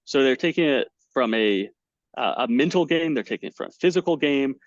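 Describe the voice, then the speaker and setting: A man tells stories as a guest on an interview call, lively and full of restarts and fillers. His voice sits in a middling range. The audio is dull and lo-fi, with no room sound at all. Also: mid-range voice, fairly quick, no room sound. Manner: animated storyteller, many fillers and restarts. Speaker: guest, poker commentator. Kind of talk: casual interview over video call. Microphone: webcam setup at home.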